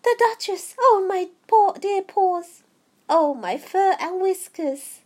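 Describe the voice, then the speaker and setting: A woman's voice: very high-pitched, expressive, slow, a little mellow, pitched above the performer's own voice, full character voice. Storybook White Rabbit, anxious and flustered, put on by a woman reader with a Japanese accent. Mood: panicked.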